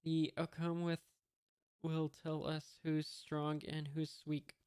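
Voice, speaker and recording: Menacing pirate boss read by a comic reader, flat delivery, slow. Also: medium pitch, clean tone, no echo, natural voice. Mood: stern. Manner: read flatly, barely acted.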